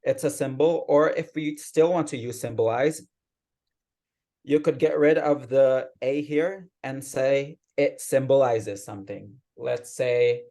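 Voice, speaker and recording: A man's voice: medium pitch, measured pace. A man giving a patient, explanatory grammar report as club grammarian at an online meeting, speaking over a video call. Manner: patient explaining, steady teacherly tone.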